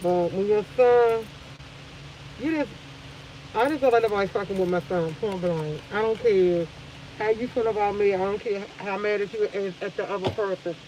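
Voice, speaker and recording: A woman's voice: medium pitch, moderate pace, mellow, slight background noise, poor audio. A tired woman host on a casual live stream, venting with emphatic repetition and swearing.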